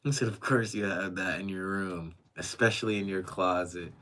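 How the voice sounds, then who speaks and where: A young man streams from a rented apartment, reading chat messages out loud and reacting with casual, profanity-laced banter. His voice sits on the low side. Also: steady tone, moderate pace. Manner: reads chat messages aloud and reacts, swearing.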